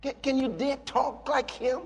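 Man, preaching, high animated voice, slow and drawn-out, echoing hall reverb. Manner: emphatic, drawn-out, with bursts of shouting and chuckles. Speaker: pastor. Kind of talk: sermon.

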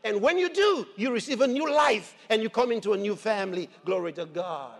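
A man preaching a sermon in an animated way, laughing and raising his voice to shouts. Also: high-pitched, a little fast, vocal fry, few pauses, a faint crowd, a little hiss or hum. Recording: long hall reverb with faint music.

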